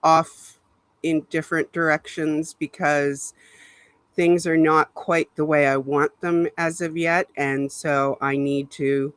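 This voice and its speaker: A woman's voice: low voice, level tone, slow pace, no echo. A woman from Canada hosting a casual live stream from a home setup, chatting and laughing often as she greets viewers by name. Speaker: livestream host. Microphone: laptop webcam mic.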